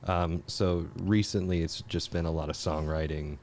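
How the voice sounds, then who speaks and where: A young man, a musician guest, chatting casually on a podcast in an easygoing, halting way. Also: deep voice, steady tone, a little mellow, slight background noise. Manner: easygoing, halting with repeated starts.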